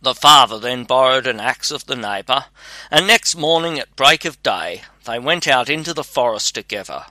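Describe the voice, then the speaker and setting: A man giving a measured, scripted narration of a fairy tale. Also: medium pitch, lively intonation, pushed and bright, no room sound.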